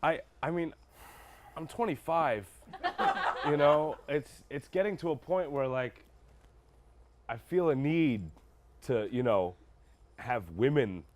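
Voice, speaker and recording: Sheepish stammering adult son played by a man, lively pitch, faint background noise. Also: slow, pauses often. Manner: stammering, sheepish, restarts constantly. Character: awkward 25-year-old son living with his mother. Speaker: improv performer. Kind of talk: improvised comedy scene.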